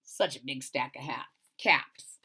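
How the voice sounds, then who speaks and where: Bright, expressive woman reading to kids. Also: extremely low pitch, takes it slowly, husky. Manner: expressive and playful, talks to young listeners. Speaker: storybook reader. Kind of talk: children's read-aloud with chatty asides.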